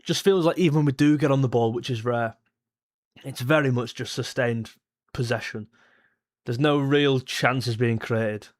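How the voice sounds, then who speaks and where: A young man, reacting live to a football match, blunt and frustrated, jumping to excited shouts at chances. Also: mid-range voice, normal speed. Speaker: football fan streamer. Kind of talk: live match watchalong commentary.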